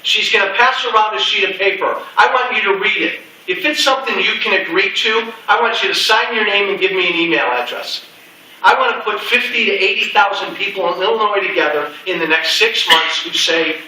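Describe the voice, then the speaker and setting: Guy giving a stump speech, pretty high voice, picked up from far off, faint room noise. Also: brisk, pushed and bright. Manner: punchy, repeats slogans, folksy asides. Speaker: political speaker. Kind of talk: campaign speech to a crowd. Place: meeting room with an audience. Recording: echoey room, mic from a distance.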